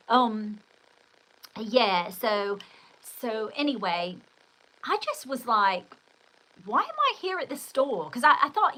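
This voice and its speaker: Hosting a relaxed livestream, an older woman drifts between stories with lots of exclamations, breaking off now and then to read out what viewers write. Her mid-range voice has a fairly bright tone, and the audio quality is low.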